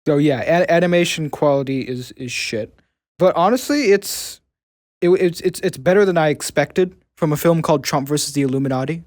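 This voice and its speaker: A young man with a voice on the higher side, recorded dry and close. He stumbles and repeats words as he chats casually with friends. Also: brisk, darkish tone, no room sound. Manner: stammering, repeats words often. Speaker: student show panelist. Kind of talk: casual chat.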